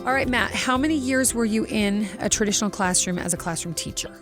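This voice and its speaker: A woman's voice: medium pitch, fairly quick, over loud music. A woman hosting a podcast interview, encouraging and leading with follow-up questions. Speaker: podcast host. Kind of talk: casual interview talk.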